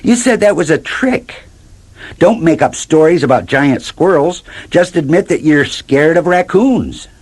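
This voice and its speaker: A man's voice: on the high side, expressive, a little slow, a little mellow, husky, pitched above the performer's own voice. A man reading aloud and voicing a bossy female farm dog who scoffs and scolds. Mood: scoffing. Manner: scolding, dismissive.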